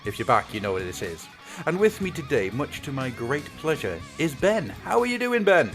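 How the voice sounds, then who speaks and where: Male podcast host, animated pitch, chatty and jokey, laughs between lines. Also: normal speed, over music. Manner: jokey, laughs often, rambling with restarts. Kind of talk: casual podcast chat.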